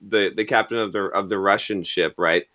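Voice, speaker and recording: Here a podcast host talks fairly quickly in a low, steady, sharp-toned voice, and the recording is dry. It's casual chat in which he rambles through his stories with plenty of fillers.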